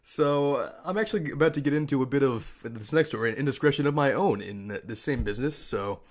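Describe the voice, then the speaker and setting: A man's voice: mid-range voice, quick pace. A young man hosting a podcast, telling a story in a casual, rambling way, swearing and laughing at his own story, from a desk mic in an office. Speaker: podcast host. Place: office with a humming noise. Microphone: home desk mic with static. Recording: faint static hiss.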